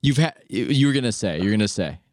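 A man hosts a casual podcast chat, giving his opinions freely and teasing his guest. His voice sits low, and the sound is dry and close. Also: animated, brisk, darkish tone, no echo. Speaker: podcast host. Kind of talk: casual conversation.

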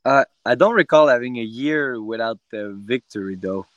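Animated, profane man telling fight stories. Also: mid-range voice, moderate pace, no echo, dull audio. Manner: animated, profane, rambling with restarts. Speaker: guest fighter. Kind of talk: casual interview storytelling.

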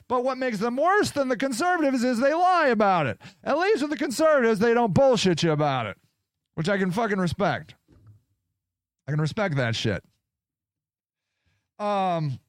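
A man hosting a podcast, delivering a profane, combative political rant that swings between loud jabs and muttered asides. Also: sits high, clean tone, dry recording, clean studio sound. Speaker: podcast host.

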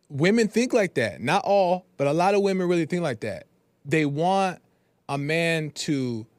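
A man's voice: on the high side, no echo. A man hosting a podcast, giving opinionated commentary on a clip in a hesitant way. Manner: opinionated, hesitant, with restarts and fillers. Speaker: podcast host.

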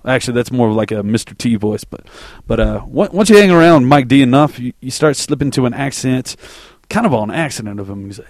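A man's voice: mid-range voice, lively intonation, brisk, darkish tone, dry recording, studio quality. A man hosting a music podcast, chatting loosely between songs, self-deprecating and swearing casually.

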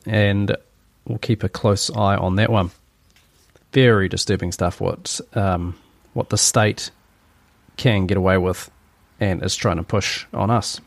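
A man's voice: on the low side, dry recording. A man hosting a solo opinion podcast, talking in a sarcastic, rambling way. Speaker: podcast host.

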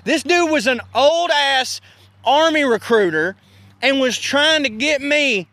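Animated man, high voice, profane. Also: slow, no room sound. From American South. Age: 30s. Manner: profane, animated storytelling with laughs. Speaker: podcast host. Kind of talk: casual storytelling rant.

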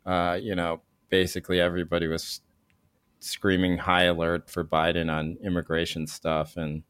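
A man's voice: low-pitched, monotone, normal speed, fairly bright tone, smooth, no echo, clean studio sound. A man hosting a casual discussion, chatty and steering the conversation. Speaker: podcast host.

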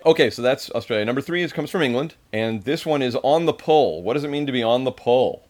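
A man's voice: medium pitch, quick pace, darkish tone. Laughing man quizzing his co-host. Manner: playful quizzing, laughs often. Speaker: podcast co-host. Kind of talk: casual comedic chat.

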